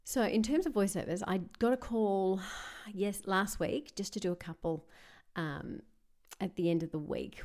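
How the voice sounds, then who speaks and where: Woman, podcast host, casual solo update, candid, chatty, reflective, mid-pitched voice. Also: darkish tone. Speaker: podcast host and voice-over artist.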